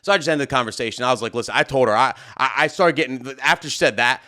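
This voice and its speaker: A young man, a wedding DJ, telling a heated story in a casual vlog, loud and animated as he acts out both sides of an argument. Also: medium pitch, rapid-fire.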